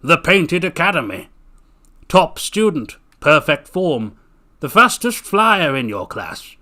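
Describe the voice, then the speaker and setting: A man's voice: fairly high pitch, big pitch swings, slow, bright, forceful tone, pitched above the performer's own voice, exaggerated voice. A man voicing a cold, unkind six-legged cat creature who questions sharply in a storybook reading. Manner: cold, clipped, probing.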